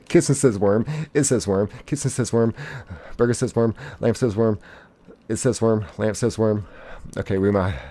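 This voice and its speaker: Low, dark-voiced male streamer. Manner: reads chat messages aloud in quick succession, playful and excitable; casual, uses "y'all". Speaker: streamer reading chat. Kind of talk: live gaming stream chat.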